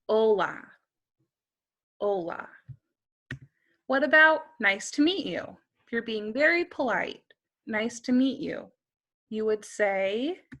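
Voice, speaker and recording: A woman's voice: on the high side, pushed and bright. A woman teaching a beginner Spanish lesson, carefully modeling each phrase and quizzing the listener.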